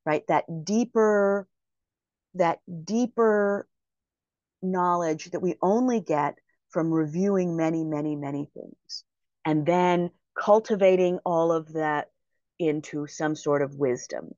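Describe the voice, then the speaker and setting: A woman giving a motivational talk, speaking slowly and deliberately and repeating phrases for emphasis. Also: on the low side, a little mellow, no echo. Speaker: prosperity mindset speaker. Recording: dry, slightly muffled recording.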